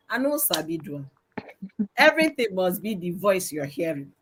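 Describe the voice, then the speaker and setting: A middle-aged Nigerian woman speaks loudly and with emphasis, telling stories from her own life. Her voice sits at an ordinary pitch for a woman. She talks as one of several panelists in a live-streamed group discussion. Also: sing-song, fairly quick. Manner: loud, emphatic, storytelling. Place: live stream video call.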